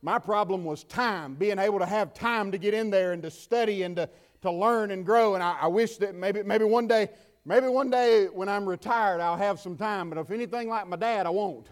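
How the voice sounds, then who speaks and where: High-voiced impassioned preacher man. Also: moderate pace. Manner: impassioned, repetitive preaching cadence. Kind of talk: sermon.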